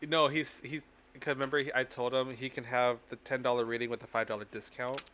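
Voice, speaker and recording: A man running a tarot reading live stream, chatting casually and teasing his viewers in a playful way. His voice sits at a middling pitch. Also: level tone, brisk, bright, forceful tone, a little hiss or hum.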